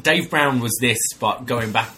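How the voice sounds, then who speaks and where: A man co-hosting a casual podcast, an animated storyteller who acts out quoted people in high voices. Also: measured pace, slight background noise. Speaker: co-host, bartender.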